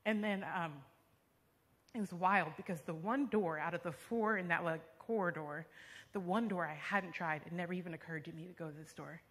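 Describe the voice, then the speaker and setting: Young woman, bright and forceful, sharing a storytelling testimony in a reverberant sanctuary. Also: fairly low pitch, moderate pace. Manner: vivid storyteller, frequent fillers like "like" and "um". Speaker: church member giving testimony. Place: church sanctuary. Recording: long reverb of a large hall.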